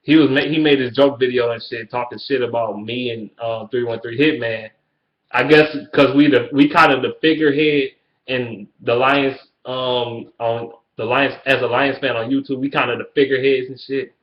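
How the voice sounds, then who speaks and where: A man rants straight into the camera about a rival team, profane and cocky. He keeps breaking into high, mocking sing-song taunts. The sound is dull and lo-fi, with a roomy echo around his voice. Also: fairly even intonation, normal speed. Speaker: sports fan vlogger. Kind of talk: ranting fan response video. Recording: echoey room, dull lo-fi sound.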